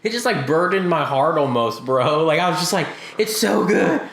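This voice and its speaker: A man co-hosting a casual podcast, telling stories with lively, animated delivery. When he quotes people, his voice leaps up and down in pitch. The recording sounds roomy and echoey. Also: a little fast. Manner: animated storytelling, acts out quotes with big pitch jumps. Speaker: podcast co-host. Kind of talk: casual chat.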